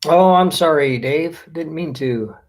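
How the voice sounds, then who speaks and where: A man's voice: on the high side, a little slow. A man hosting a casual live stream, greeting viewers by name as they join. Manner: friendly, reads out viewer names one by one.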